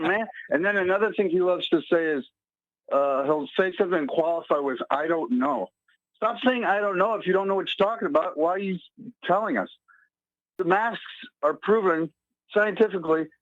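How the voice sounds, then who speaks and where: A man calling in to a talk radio show, fired up and talking fast, heard over a phone line. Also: high-pitched, animated, no echo. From San Diego area. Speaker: caller. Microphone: telephone.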